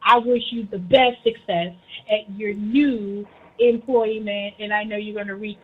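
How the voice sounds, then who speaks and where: Woman teasing her friend on air, husky, laughs a lot, kinda muffled audio. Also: mid-range voice, measured pace. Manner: animated, teasing, laughs often. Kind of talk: casual teasing chat.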